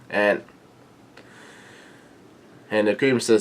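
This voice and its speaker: A man reading a comic aloud for a reaction video, halting, with many fillers and restarts. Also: lowish voice, fairly even intonation.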